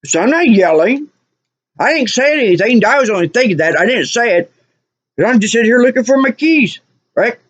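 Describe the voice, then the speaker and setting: A woman's voice: on the high side, animated, brisk, no room sound. A woman recounts a run-in on her vlog, exasperated and repeating herself for emphasis. The recording sounds dull and lo-fi. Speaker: vlogger. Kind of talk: animated personal storytelling.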